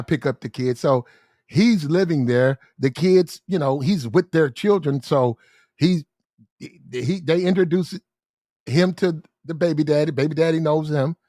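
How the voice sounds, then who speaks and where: Man, high voice, animated casual storyteller, clears throat often, dry close sound. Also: dry recording.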